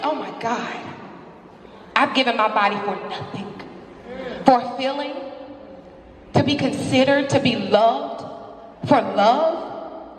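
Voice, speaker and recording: A woman with a high voice delivers a passionate motivational talk, speaking openly as a guest speaker. She is picked up from far off in a big hall, and her words ring out with a long reverb. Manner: passionate, candid testimony. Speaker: guest speaker at a women's seminar. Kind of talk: motivational speech. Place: large hall, live audience.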